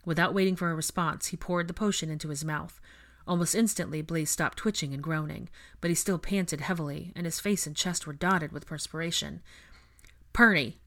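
A woman narrating a fan fiction audiobook in a steady storytelling manner. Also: low-pitched, fairly quick. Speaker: audiobook reader.

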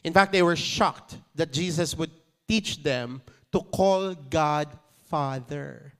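Filipino-accented male pastor, conversational sermon, clean smooth voice. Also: a little high, takes it slowly. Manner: conversational, mixing in playful asides and chuckles.

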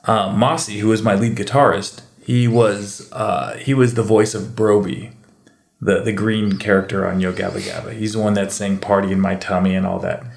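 A man chatting casually and telling animated stories, sometimes slipping into mimicked accents. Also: on the low side, normal speed, vocal fry. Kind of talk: casual chat. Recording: echoey room.

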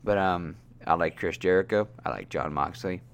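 A man's voice: moderate pace, creaky, slight background noise. A man hosting a casual wrestling review podcast, rambling with many fillers and getting worked up. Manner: rambling, filler-heavy, gets worked up with high-pitched outbursts. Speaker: podcast host.

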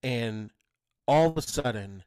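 A man in his thirties, a podcast co-host, telling a story in casual chat and jumping into high voices to quote his kids. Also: a little slow, clear, resonant tone, no echo. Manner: animated, jumps to high voices when quoting his kids.

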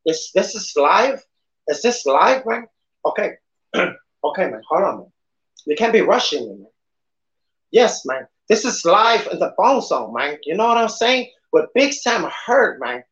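A man's voice: high voice, sing-song, measured pace, fairly bright tone, echoey room, exaggerated voice. A man putting on a tough, swaggering gangster impression, with a slight lisp, ending almost every phrase with "man". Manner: says "man" after nearly every phrase. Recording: dull lo-fi podcast audio.

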